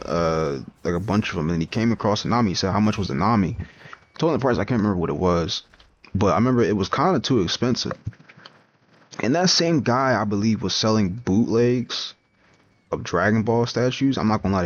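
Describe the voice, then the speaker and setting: A young man chatting casually while he games, rambling, laughing often and trailing off into restarts. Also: low voice. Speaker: comics vlogger. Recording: dull lo-fi home recording.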